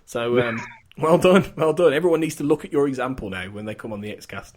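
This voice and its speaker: A man's voice: mid-range voice, a little fast, a little mellow. A man hosting a podcast, running a quiz in casual chat and laughing often. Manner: giggly, chatty quizmaster. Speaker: podcast host.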